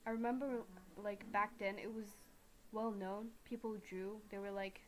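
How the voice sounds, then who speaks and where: A woman's voice: mid-range voice, fairly even intonation, moderate pace, slight background noise. A young woman streaming a game live, rambling and chatty, self-mocking, with lots of fillers.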